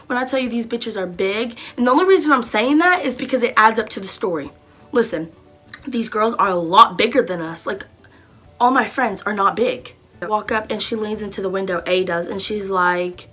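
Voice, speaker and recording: A young woman vlogger telling a storytime, animated and profane, full of fillers and repeats. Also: mid-range voice, fairly quick. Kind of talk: storytime vlog.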